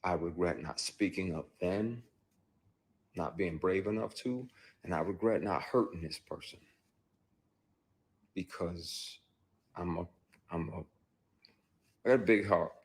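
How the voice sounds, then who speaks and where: A man's voice: sits low, measured pace, long pauses, breathy edge. A man in an interview, telling his story in an emphatic, profane way. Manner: emphatic, profane, recounting with acted outbursts.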